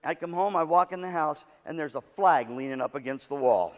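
A man's voice: fairly high pitch, fairly quick. A man giving a humorous, story-driven keynote talk to music teachers, joking and self-deprecating, recorded in a large conference hall. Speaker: keynote speaker to band directors. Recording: long reverb of a large hall.

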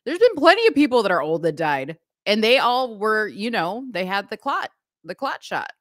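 A woman's voice: medium pitch, big pitch swings, moderate pace, fairly bright tone, no echo, studio quality. A middle-aged woman co-hosting a casual online talk show, chatty and laughing often, on a video call. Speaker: podcast co-host. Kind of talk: casual chat.

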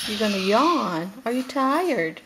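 A woman breeding parrots, talking to baby birds in a coaxing, sing-song tone with high calls. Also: noisy background. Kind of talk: coaxing talk to pet birds.

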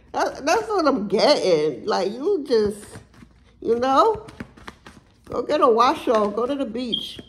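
A woman's voice: high voice, sing-song, slow pace, pauses often, a little hiss or hum, poor audio. Blunt, profane woman doing a tarot reading. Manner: blunt, profane, emphatic street talk. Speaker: tarot reader.

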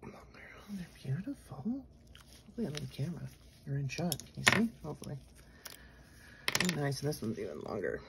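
A woman vlogger narrating a casual unboxing at her desk, chatty and gushing, murmuring asides softly. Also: a bass voice, very animated, fast, gravelly, pauses often, very noisy. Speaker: nail art vlogger. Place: home nail studio desk.

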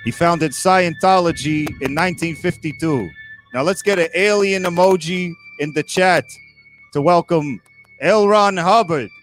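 A man playing Moses as a grumpy old Brooklyn man, hosting a comedy roast with sarcastic rapid-fire jokes. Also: fairly high pitch, faint music behind, close to an everyday voice. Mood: kvetching. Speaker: roast host.

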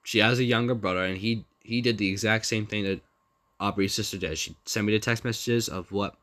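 The young man speaks briskly in a steady, fairly bright voice that sits on the low side. Vlogging casually, he talks through text messages he reads out, rambling with repetitions and hesitant restarts.

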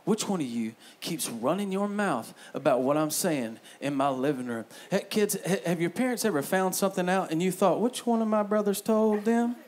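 Animated high-voiced male pastor preaching. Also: moderate pace, few pauses. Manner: animated, joking, acts out inner voices. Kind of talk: sermon. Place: church sanctuary.

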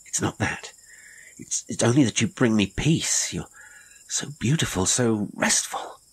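Earnest lonely castaway, deep and husky, read by the narrator. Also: male voice, lively intonation, measured pace, exaggerated voice, low-quality recording. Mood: yearning. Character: lonely, impulsive English castaway man, earnest.

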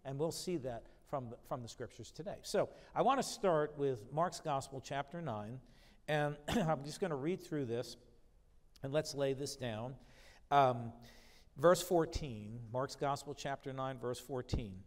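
A man's voice: medium pitch, animated, unhurried. A man preaching a sermon, reading scripture aloud with rising emphasis and then explaining it in a conversational way. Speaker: pastor. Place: church sanctuary. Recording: long church reverb.

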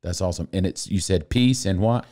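A middle-aged man who is a pastor, reading scripture and then chatting in an animated, joking way. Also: deep voice, brisk. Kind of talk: casual podcast chat and scripture reading.

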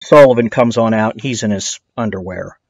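A man's voice: lowish voice, fairly even intonation, normal speed, gravelly, a little mellow, husky, no echo. A man narrating a true-crime documentary in a casual storytelling way, dropping in blunt, swearing asides.

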